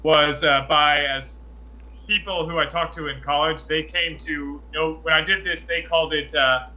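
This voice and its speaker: A man hosting a casual chat, telling college stories in an animated, indignant way and acting out the people in them. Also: fairly high pitch, normal speed, muffled recording. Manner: animated, indignant retelling with acted quotes.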